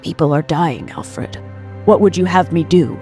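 A woman's voice: sits low, a little slow, mellow, soft background music. A woman voicing a gloomy, grave rich man who fights crime in a mask, in a comedic spoof story. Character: brooding rich masked vigilante man.

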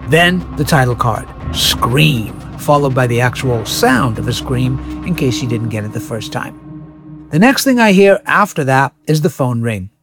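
A man narrating a comic story in a sarcastic, crude style with animated asides. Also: a little high.

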